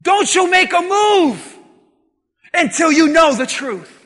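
A man preaching a sermon in an emphatic, often shouting manner, calling out to the congregation. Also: very high voice, very animated, slow pace, long reverb tail. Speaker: pastor.

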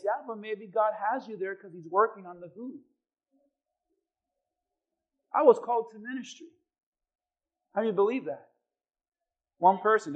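A male pastor with a high voice delivers a sermon to his congregation. He tells stories with animated energy and acts out the voices of the people in them. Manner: animated storytelling, acting out quoted voices. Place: church.

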